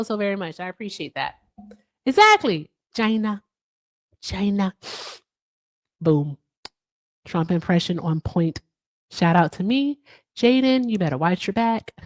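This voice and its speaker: A woman hosting a casual livestream, chatting to viewers in the comments with lively, profane talk. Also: mid-range voice, no room sound. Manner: animated, swears freely, talks to viewers in chat. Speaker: livestream host.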